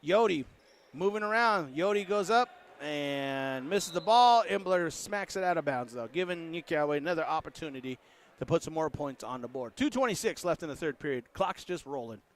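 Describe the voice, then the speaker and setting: A man with a high voice calls a basketball game play by play in an easy, joking way. He keeps up a running patter and makes up lines for the players, with a ball bouncing faintly in the gym behind him. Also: lively intonation, normal speed. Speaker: play-by-play announcer. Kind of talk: casual sports commentary.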